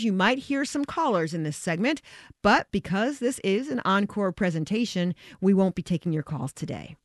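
A woman radio host with a lively, swooping voice introduces a segment and questions her guest. Her sound is dry and close, with no room around it. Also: mid-range voice, dry recording. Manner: lively, conversational. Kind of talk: radio show hosting.

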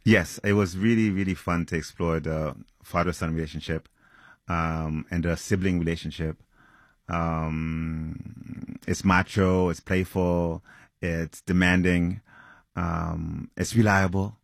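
A man, an author, answering interview questions in an earnest, reflective way, with frequent pauses. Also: deep voice, steady tone, creaky, no echo, clean studio sound. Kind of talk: interview answers and reading from his novel.

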